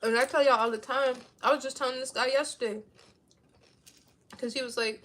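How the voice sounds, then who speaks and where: A woman's voice: sits high, fairly even intonation, fairly quick, fairly bright tone, a little hiss or hum. A woman in her thirties chatting casually to her viewers, rambling and saying "like" a lot. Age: 30s. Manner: rambling, heavy use of "like". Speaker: vlogger.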